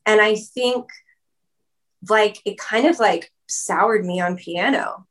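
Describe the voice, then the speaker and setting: A woman's voice: medium pitch, slow. Casual talk, chatty woman full of "likes" and "ums". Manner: chatty, lots of "like" and "um", laughs often. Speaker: musician guest. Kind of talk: casual interview chat. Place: video call.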